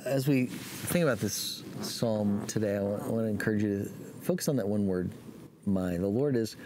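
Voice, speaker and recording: Man, preacher, low voice, folksy, relaxed, sermon storytelling. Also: normal speed, background noise.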